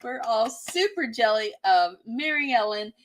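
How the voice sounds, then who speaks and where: A woman's voice: fairly high pitch, lively intonation, measured pace. A woman hosting a casual livestream, chatting bubbly with viewers and reading their comments. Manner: bubbly, chatty, laughs often. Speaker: livestream host.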